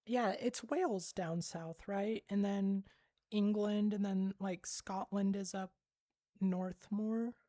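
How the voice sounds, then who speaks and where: A woman's voice: mid-range voice, fairly even intonation, slow pace, mellow, dry recording, clean studio sound. A woman chatting on a livestream and reading out chat, rambling with many fillers and giggles. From United States.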